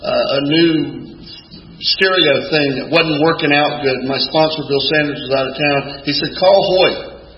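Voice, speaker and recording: Wry older storyteller in a hall. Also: male voice, on the high side, fairly even intonation. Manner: wry, folksy, slow storytelling with dry punchlines. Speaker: recovery meeting speaker. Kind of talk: storytelling talk at a meeting. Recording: echoey hall with dull lo-fi sound and faint room noise.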